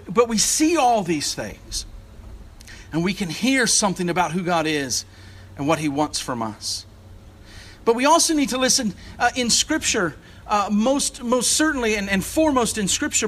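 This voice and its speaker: Earnest high-voiced preacher. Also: male voice, a bit bright. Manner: earnest, searching delivery with frequent restarts and fillers. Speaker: assistant rector. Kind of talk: sermon.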